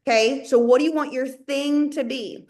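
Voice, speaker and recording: A woman with a Southern accent, around her thirties, giving an animated motivational talk to her sales team and acting out her own inner voice as she talks. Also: sits high, moderate pace. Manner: animated, talks to herself and the listener, plays out inner dialogue. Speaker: network marketing team leader.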